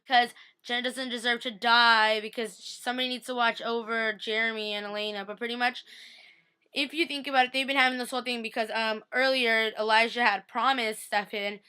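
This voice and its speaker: A woman vlogger chatting casually through a TV episode recap, animated and full of fillers. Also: on the high side, fairly quick, smooth, soft background music.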